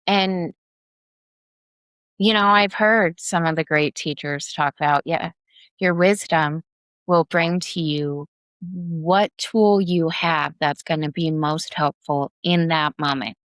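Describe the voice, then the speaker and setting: A woman co-hosting a casual podcast conversation, frank and unhurried, who laughs and swears freely. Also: sits low, fairly bright tone, no echo. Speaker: podcast co-host.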